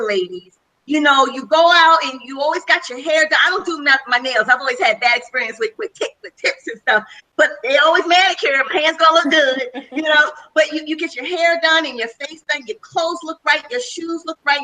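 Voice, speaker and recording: A woman's voice: high voice, pushed and bright, poor audio. A middle-aged woman giving an enthusiastic, chatty testimonial as a speaker on a webinar panel call.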